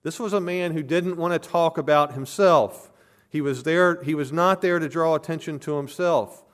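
A man's voice: a little high, moderate pace. A man preaching an expository sermon as a pastor, earnest and emphatic, hammering home points with repeated phrases.

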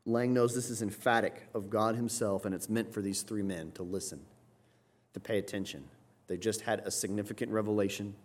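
A man preaching an expository sermon, explaining as he goes and often checking in with "right?", his voice building to loud, emphatic passages. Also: lowish voice, fairly even intonation, fairly quick.

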